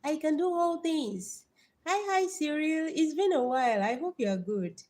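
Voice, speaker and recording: A young Nigerian woman with a Nigerian accent, hosting a live stream motivational talk with Bible verses, lively and repeating words as she greets viewers by name. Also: sits high, normal speed. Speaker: livestream host.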